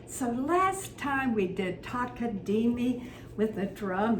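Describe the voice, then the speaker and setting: A woman's voice: fairly high pitch, expressive, slow. A woman teaching a children's music lesson, chanting rhythm syllables and coaxing her young audience to clap and repeat after her. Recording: echoey room with background noise.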